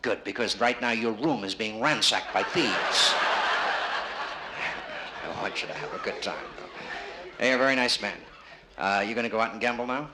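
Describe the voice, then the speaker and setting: A man's voice: fairly low pitch, normal speed, pauses often. A man doing live stand-up comedy, teasing a man from the audience with wisecracks. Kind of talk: live stand-up with crowd work. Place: casino showroom stage. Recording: live 1960s vinyl, roomy and noisy. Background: audience laughter.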